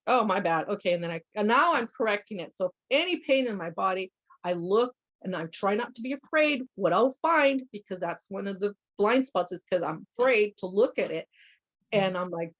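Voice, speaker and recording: A woman in casual conversation, telling a personal story with animated acted-out bits of dialogue. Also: mid-range voice, moderate pace. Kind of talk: casual chat. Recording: muffled lo-fi audio.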